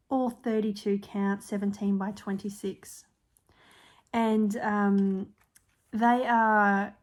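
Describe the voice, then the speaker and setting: An Australian woman chatting casually on her own stitching channel, showing her projects with frequent ums and small apologies. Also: mid-range voice. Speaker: cross-stitch vlogger. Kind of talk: casual show-and-tell chat.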